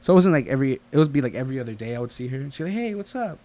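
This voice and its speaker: A man's voice: medium pitch, expressive, racing, mellow. A man co-hosting a casual podcast chat, telling long rambling stories and acting out the voices of the people in them. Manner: rambling storyteller, acts out quoted voices. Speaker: podcast co-host.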